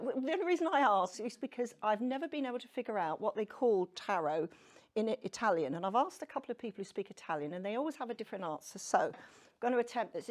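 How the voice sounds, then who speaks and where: A woman's voice: on the high side, fairly bright tone. A woman giving a chatty, self-deprecating talk on tarot to a live audience, often asking them questions. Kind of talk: casual lecture to a live audience. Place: venue room with an audience.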